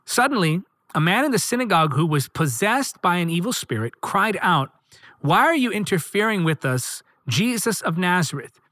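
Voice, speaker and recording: A man's voice: sits high, sing-song, normal speed, pushed and bright, no room sound. A man preaching a sermon, reading scripture aloud and driving points home with rhythmic, emphatic repetition.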